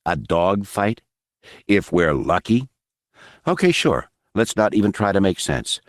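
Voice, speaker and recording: A man's voice: low voice, very animated, a little slow, dry recording, clean studio sound. A male narrator voicing a nervous, sarcastic young soldier who cracks jokes under pressure. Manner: sarcastic, jittery quips.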